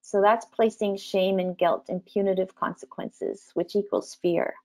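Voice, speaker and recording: A woman teacher trainer giving an online talk to parents, gentle and explanatory, with frequent ums. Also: medium pitch, fairly even intonation, measured pace.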